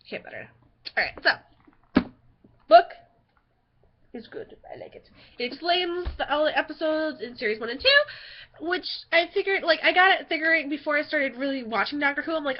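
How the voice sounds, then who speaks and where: A woman's voice: sits high, lively intonation, normal speed, pauses often, dull audio. A young woman chatting casually in a rambling home vlog, easily sidetracked and giggly. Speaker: vlogger.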